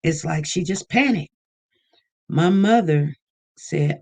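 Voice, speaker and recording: A woman giving casual commentary on a vlog, animated and repeating herself as she mimics other people. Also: deep voice, slow pace, pauses often. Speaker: online news commentator.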